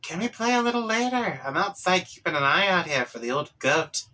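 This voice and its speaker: A man voicing a spaced-out, mellow male troll who talks in a slow, sleepy drawl. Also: high voice, animated, voice pushed up. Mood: drowsy.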